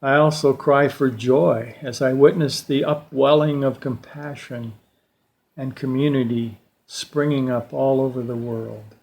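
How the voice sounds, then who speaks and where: An older man giving a slow, reflective personal talk at a church service, telling stories with pauses. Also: medium pitch, steady tone, creaky, a little mellow. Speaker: church lay speaker.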